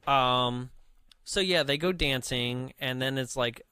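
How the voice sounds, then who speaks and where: A man's voice: mid-range voice, slow pace, sharp tone, clear, resonant tone, no echo. A man co-hosting a podcast, animatedly recapping a movie in casual chat, often tagging "right?" and laughing. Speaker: podcast co-host.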